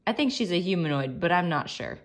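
Woman voicing a proud salesman dad, joking and boastful, lowish voice, read-aloud storybook. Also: big pitch swings, fairly quick. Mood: mocking. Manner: boastful, teasing. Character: cheerful middle-aged salesman, proud and joking.

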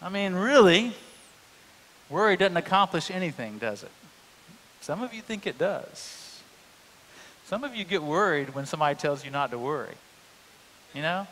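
A man's voice: a little high, big pitch swings, moderate pace, long pauses, a bit bright, a little hiss or hum. A male pastor, preaching a sermon in a humorous, conversational storytelling way. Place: church sanctuary. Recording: long church reverb.

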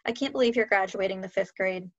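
A woman voicing a warm, joking middle-aged father who speaks softly and apologetically in a read-aloud story. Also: mid-range voice, fast, natural voice. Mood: tender. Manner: soft, tender, apologetic. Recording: dull lo-fi sound.

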